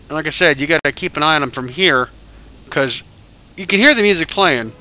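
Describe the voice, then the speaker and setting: Chatty, bright-voiced gaming host. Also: male voice, fairly high pitch, lively intonation, fairly quick. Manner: rambling and chatty, swears casually. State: tired, yawning. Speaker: game channel host. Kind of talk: casual let's-play commentary.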